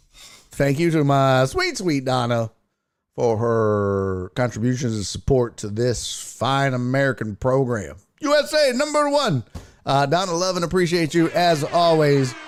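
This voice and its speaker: A man's voice: medium pitch, smooth. A man hosting a live-streamed sports talk show, chatting loosely with viewers, joking and swearing. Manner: loose, profane, joking banter with chat.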